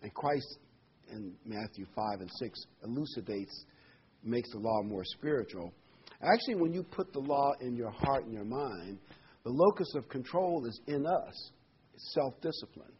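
A man's voice: mid-range voice, lively intonation, a little slow. A man pastor giving a conversational sermon, asking rhetorical questions and adding fillers. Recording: slightly dull recording with faint noise.

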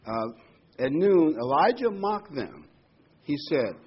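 A man's voice: on the high side, big pitch swings, slow, slightly rough, dull audio. A man preaching a sermon, retelling a scripture story with many asides and fillers.

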